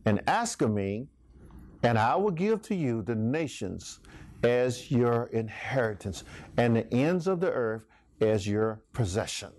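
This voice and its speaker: A man's voice: mid-range voice, huge pitch swings, slow, darkish tone. Folksy preacher man teaching. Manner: folksy, laughs often, asks the class questions. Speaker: preacher teaching a Bible class. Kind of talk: sermon-style Bible teaching.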